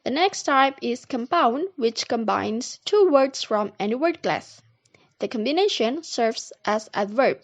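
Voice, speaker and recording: A young woman with an Indonesian accent, a student reading out a class presentation in a steady, read-aloud way. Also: fairly high pitch, highs cut off. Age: young adult.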